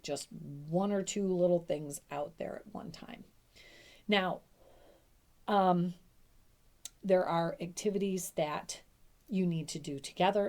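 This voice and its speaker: A middle-aged woman with a low voice talks straight to camera as a dementia care coach. She keeps it casual and emphatic, often slipping into little acted-out quotes to show what to say. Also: dark tone. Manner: chatty, emphatic, acts out little quoted lines.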